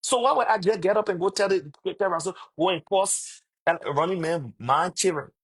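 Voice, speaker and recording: A man's voice: high voice, moderate pace, fairly bright tone, breathy edge. A man, retelling conversations in a casual, emphatic, repetitive monologue. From Liberia. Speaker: online commentator.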